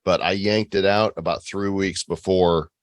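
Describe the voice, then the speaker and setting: A man's voice: sits low, fairly even intonation, moderate pace, dry recording. A man playing a podcast quiz contestant, telling an anecdote in casual chat with a dry delivery.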